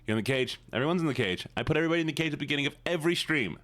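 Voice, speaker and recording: A man's voice: a little high, animated, rapid-fire, a bit bright, no room sound. A man streaming live and chatting casually with his chat, playful, with mumbled hums between lines.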